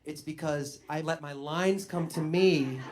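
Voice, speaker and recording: A man doing stand-up storytelling, conversational and animated. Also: a little high, measured pace. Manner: animated, conversational, with bursts of laughter. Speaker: comedian.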